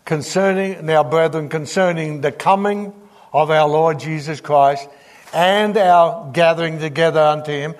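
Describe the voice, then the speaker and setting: A man's voice: fairly high pitch, unhurried. A man preaching a teaching sermon to a congregation, reading scripture aloud and putting questions to his listeners.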